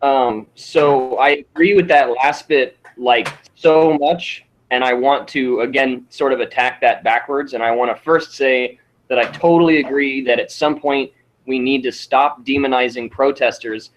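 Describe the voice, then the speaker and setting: A man co-hosting a casual political debate podcast, talking in a measured way, rephrasing and summarizing, with some casual swearing. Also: medium pitch, steady tone, low-quality recording. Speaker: podcast co-host.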